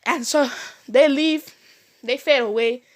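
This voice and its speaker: A young woman casually retelling a fan-made story, rambling with many fillers and slipping into quick character voices. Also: high-pitched.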